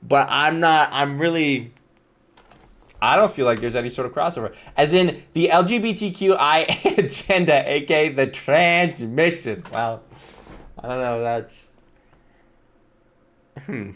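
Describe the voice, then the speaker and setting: A man's voice: fairly high pitch, measured pace, long pauses, a bit bright. A young man streaming live, reading viewer slides aloud and reacting with wry, bemused asides and chuckles. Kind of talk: casual live-stream commentary.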